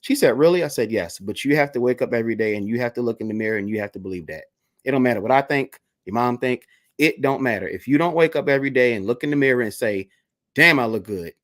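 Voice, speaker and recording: Guy on a video call telling a school story, casual, does little voices for everyone, mid pitch. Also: quick pace. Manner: animated, acts out the voices in his stories. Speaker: interviewer.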